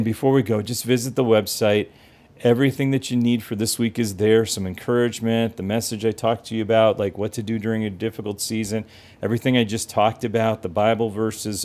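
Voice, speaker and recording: A man's voice: lowish voice, darkish tone. A man giving an earnest, encouraging podcast sermon as pastor and host, repeating phrases for emphasis.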